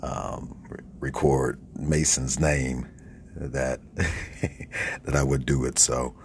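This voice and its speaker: Super deep voiced guy talking slow, podcast host doing his radio voice, bit of hiss behind. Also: little pitch movement. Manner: deep, deliberate radio-style delivery. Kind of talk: slow personal shout-out monologue. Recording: faint background noise.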